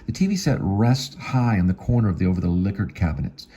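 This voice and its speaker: A man's voice: low voice, lively intonation, fast, warm tone, slightly rough, dull audio. A man reading his own screenplay aloud, working through the scene directions plainly, with small slips. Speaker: actor and channel host.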